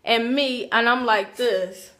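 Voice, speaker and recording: A woman with a slightly high voice recounts a story straight to her camera. She talks casually and animatedly, slipping into the voices of the people she describes. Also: slow. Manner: animated, acts out quoted voices, chatty asides. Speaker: vlogger.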